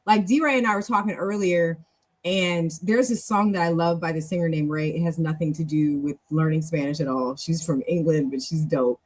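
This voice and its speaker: A woman with a husky, slightly breathy voice leads a relaxed practice session. She talks in a chatty, encouraging way, wandering off on tangents and circling back with restarts. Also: deep voice, normal speed. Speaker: host leading a language practice session. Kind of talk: casual teaching talk.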